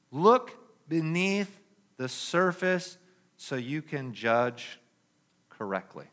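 A man preaching a sermon, reading scripture emphatically and then dropping into quiet, conversational asides. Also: high-pitched, lively intonation, slow pace. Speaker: pastor.

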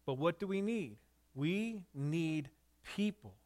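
Lively male pastor telling a story. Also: on the high side, takes it slowly. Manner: animated, asks the listeners questions. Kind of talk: sermon storytelling.

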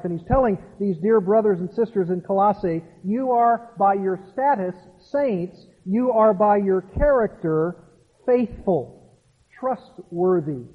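A man with a high, husky voice preaches a sermon, explaining the text with earnest rhetorical questions. The sound is thin and phone-like, with a long reverb trailing off the hall. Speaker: pastor.

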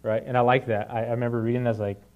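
A man's voice: medium pitch, level tone, very fast, narrow, tinny audio. A young man giving a casual, conversational sermon, with many fillers and frequent "right?" asides to the listeners. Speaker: preacher.

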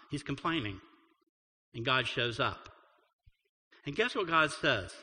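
Animated male pastor in a reverberant hall. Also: mid-range voice, slow, pauses often. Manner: animated, acts out quotes, conversational. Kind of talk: sermon.

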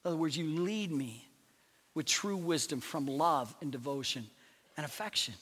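A male pastor preaching a sermon, swinging from loud proclamations to hushed, near-whispered lines. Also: fairly high pitch, normal speed, breathy edge, big-room sound.

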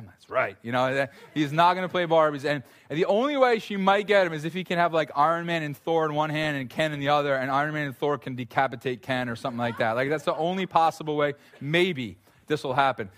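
Animated preaching man, slightly high voice. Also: fast, hardly any pauses. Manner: animated storytelling, repeats words when building a point. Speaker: pastor. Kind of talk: sermon.

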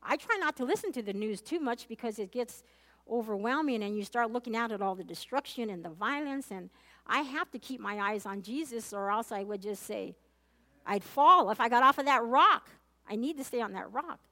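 Her voice is a little high, bright and forceful, expressive and at a moderate pace. As a Bible teacher running a conversational study, she speaks earnestly, asks her audience direct questions, and frequently repeats and restarts her phrases.

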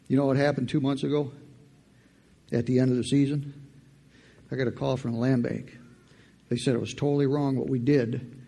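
Gravelly, dark-voiced man preaching. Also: medium pitch, normal speed, long pauses. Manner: animated, builds to fired-up preaching. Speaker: lay preacher. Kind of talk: testimony sermon.

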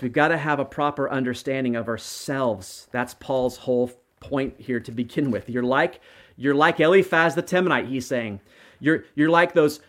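Middle-aged pastor guy preaching, earnest, keeps saying "right?", voice sits a bit high. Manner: earnest, repeats and restarts, asks "right?". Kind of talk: sermon.

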